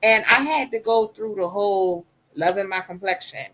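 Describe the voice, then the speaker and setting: A woman with a soft voice, speaking as a podcast guest in a candid, emphatic conversation, retelling her story with lively repetition. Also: mid-range voice, moderate pace, a little hiss or hum, low-quality recording.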